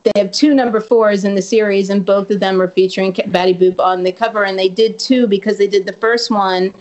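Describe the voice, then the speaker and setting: A woman's voice: mid-range voice, steady tone, fairly quick, a little mellow. A woman being interviewed as a guest actress, chatting casually and rambling, swearing freely and leaning on filler words. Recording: dull lo-fi audio.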